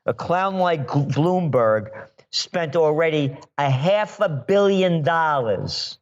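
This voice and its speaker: A man's voice: a little high, animated, slow pace. Emphatic sarcastic man on a dull line. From New York. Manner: emphatic and sarcastic, mocking voices. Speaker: guest forecaster. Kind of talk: opinionated podcast interview.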